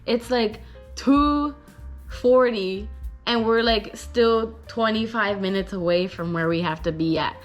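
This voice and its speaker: A young woman vlogger telling a story, animated and expressive, swearing casually. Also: on the high side, slow pace, lo-fi sound, faint music behind. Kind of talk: story time vlog.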